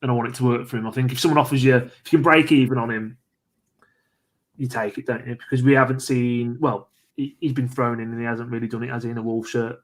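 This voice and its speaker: Flat-voiced man talking tactics. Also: mid-range voice, fast talker. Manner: explains tactics at length, with tag questions. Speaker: co-host. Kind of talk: casual live stream chat.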